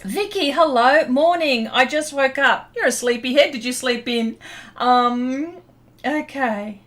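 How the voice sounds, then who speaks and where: A woman's voice: high voice, slow pace, a bit bright. Chatty woman painting live. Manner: chatty, laughs often, reads and answers viewer chat. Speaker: artist livestreaming a painting session. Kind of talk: casual chat while painting.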